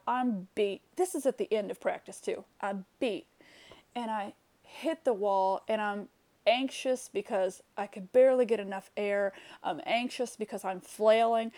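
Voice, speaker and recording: A woman's voice: mid-range voice, vocal fry, darkish tone. A woman telling a personal story straight to camera, candid and reflective, with frequent fillers and restarts. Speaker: vlogger.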